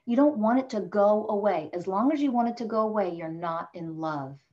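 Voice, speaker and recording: A woman's voice: medium pitch, expressive, fairly quick, warm tone, dull audio. A woman coach speaking as a podcast guest, emphatic and motivational, growing impassioned as she makes her points. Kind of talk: podcast interview.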